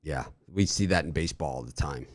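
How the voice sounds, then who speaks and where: A man hosting a sports betting show, chatting casually and rambling through stories with animated energy. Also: a bass voice, a little fast, dry recording.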